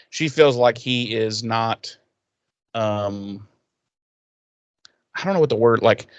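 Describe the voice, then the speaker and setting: A man co-hosting a podcast who recaps a TV episode in casual, profane talk, laughing often and getting animated. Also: mid-range voice, clear, resonant tone, no echo. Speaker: podcast co-host.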